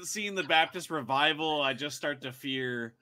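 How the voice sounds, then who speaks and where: A man's voice: a little high, moderate pace, over a noisy crowd. A man playing a tabletop role-playing game, joking playfully with the group. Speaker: player.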